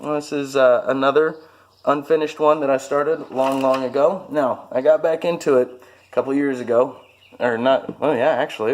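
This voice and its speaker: A man talking casually to camera about his hobbies, rambling and self-mocking, with many fillers. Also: mid-range voice. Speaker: vlogger showing his hobbies.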